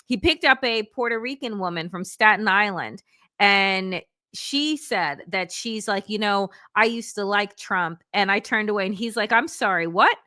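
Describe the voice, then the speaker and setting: A woman political analyst in casual conversation, telling a lively anecdote and quoting others as she goes. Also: mid-range voice, moderate pace, no room sound, clean studio sound. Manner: lively, quotes others in voices, laughs often. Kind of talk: casual chat, animated storytelling.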